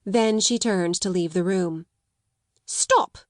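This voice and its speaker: Measured woman audiobook narrator, dry sound. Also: mid-range voice, no echo.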